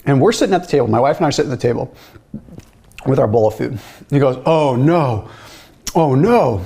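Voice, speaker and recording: A man's voice: mid-range voice, expressive, racing, gravelly, warm tone, slightly rough. A man hosting a nutrition video who talks in a loose, chatty way, telling a story and then explaining diet science. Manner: chatty, loose, with frequent "like" and "right?".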